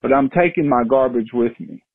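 Husky man telling a story over the phone. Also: medium pitch, normal speed, no echo. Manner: animated, acts out his yelling. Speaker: caller. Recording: tinny phone line.

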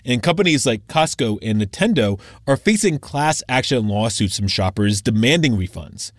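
In a dry, close recording with no surrounding room sound, a male radio reporter delivers a scripted news piece. His mid-range voice is animated, though his explanatory delivery stays measured.

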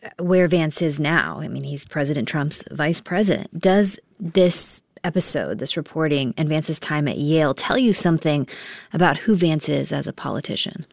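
A woman anchors a radio news interview, her voice low and steady. She puts measured, probing questions to her guest. The sound is dry and close, with no room echo. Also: gravelly. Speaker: news show host.

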